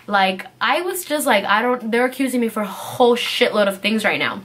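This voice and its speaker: A young woman vlogger telling a casual storytime in an animated way, filling her speech with "like" and acting out what people said. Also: a little high, brisk, slight background noise. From California. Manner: animated, heavy use of "like", acts out quotes.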